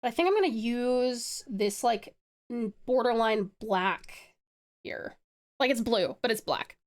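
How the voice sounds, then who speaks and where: A woman's voice: a little high, lively intonation, measured pace. A woman streamer chatting casually and giggling while she draws, rambling and reading chat aloud. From Australia.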